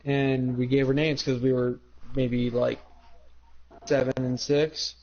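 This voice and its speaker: A man's voice: level tone, takes it slowly, a little mellow. A young man telling a childhood story in a casual chat among friends. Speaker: podcast co-host. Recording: dull low-fi home recording with faint hiss.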